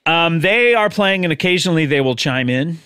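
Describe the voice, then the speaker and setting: A man's voice: fairly high pitch, lively intonation, fairly quick, bright, forceful tone, smooth, no echo, clean studio sound. A man hosting a comedy podcast, talking in a chatty way with lots of fillers and frequent laughs. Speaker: podcast host. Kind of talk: casual chat.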